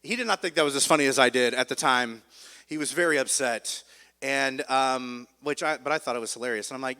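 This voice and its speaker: Guy preaching, tells a goofy story on himself, bright forceful voice, long echo from a big hall. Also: medium pitch, fast talker. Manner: storytelling, self-mocking, animated. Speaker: pastor. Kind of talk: sermon with a told story.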